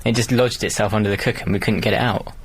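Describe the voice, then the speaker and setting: A man's voice: on the low side, steady tone, racing, breathy edge. A man calling a radio phone-in who tells a short anecdote plainly. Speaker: caller.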